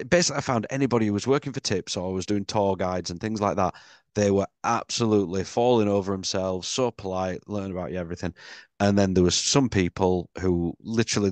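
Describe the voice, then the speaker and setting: A British podcast co-host with a low voice chats casually and tells stories animatedly, swearing a lot. There's no echo.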